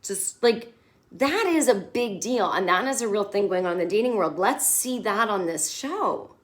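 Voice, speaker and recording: A woman chatting through a TV episode recap in a casual, candid way. She is sarcastic and swears freely. Her voice sits at an average pitch for a woman. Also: lively intonation, moderate pace. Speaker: comedian host.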